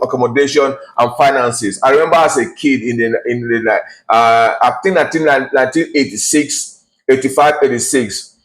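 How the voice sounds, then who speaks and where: Guy in his 40s, heated blunt rant, lots of uhs, mid-pitch voice. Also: low-quality recording. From Nigeria. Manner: blunt, heated, scornful, with many restarts and fillers. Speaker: vlogger. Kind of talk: ranting to camera.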